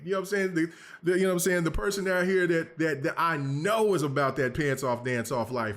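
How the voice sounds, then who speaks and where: A man's voice: high-pitched, brisk, a bit bright. A man co-hosting a casual gaming podcast, hyped and slangy, reading out comments from the chat. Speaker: podcast co-host.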